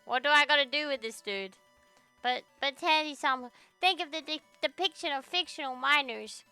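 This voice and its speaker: A woman's voice: high voice, moderate pace, sharp tone, faint music behind. A young woman streaming as a VTuber from her home computer, chatting casually in a rambling, profane, ranting way. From Australia. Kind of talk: casual livestream chat.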